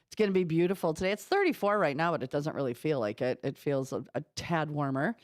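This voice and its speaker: A Midwestern woman co-hosting morning radio in a studio, talking in a lowish voice that sits close and dry on the mic. She chats and tells everyday stories with animated, laughing energy. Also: quick pace, dry recording. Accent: Midwestern American. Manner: chatty, animated storytelling with laughs. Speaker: radio morning show co-host. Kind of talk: casual morning radio chat.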